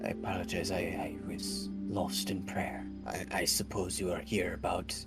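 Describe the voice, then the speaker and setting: A flustered village priest, voiced by a man, halting and apologetic, his speech low and a little hushed. Music runs softly behind him. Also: little pitch movement, vocal fry. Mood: flustered polite. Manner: halting, stammering. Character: shaken elderly village priest, stammering and apologetic.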